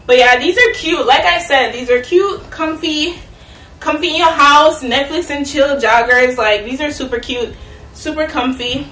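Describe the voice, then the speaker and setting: A young fashion vlogger with a high, slightly bright voice chats playfully at a measured pace, speaking straight to viewers during a casual try-on haul. She's at home in an echoey room, recorded from a distance so it sounds roomy.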